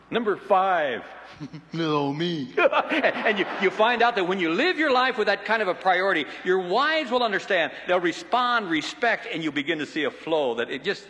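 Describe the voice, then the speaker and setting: A middle-aged man preaching a sermon in a folksy, animated, joking way. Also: high voice, normal speed, big-room sound.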